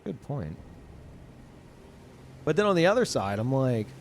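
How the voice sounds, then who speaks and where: A male streamer chatting casually to his viewers, rambling through fillers and false starts and swearing often. He calls his own voice monotone, yet his pitch rises and falls a lot. A faint hum of room noise sits under his voice. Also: measured pace. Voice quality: self-described monotone. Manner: rambling, many fillers and restarts, frequent swearing. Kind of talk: casual live-stream chat.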